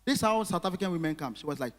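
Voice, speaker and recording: A male stand-up comedian, telling stories and chatting with the audience in an animated way. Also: a little high, very fast. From Ghana. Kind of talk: stand-up comedy with crowd work. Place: live comedy venue. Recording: long hall reverb.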